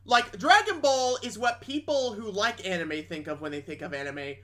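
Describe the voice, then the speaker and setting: A man's voice: high voice, lively intonation, moderate pace, pushed and bright. A young man streaming games, chatting casually in a blunt, sarcastic way. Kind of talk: casual chat.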